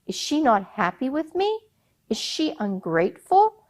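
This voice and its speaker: A woman's voice: sits high, very animated, measured pace, a little mellow, voice pushed up, heavily acted. A woman playing a proud, angry emir. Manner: demanding, then angry and commanding. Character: proud, touchy male emir, a king and father. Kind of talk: oral storytelling.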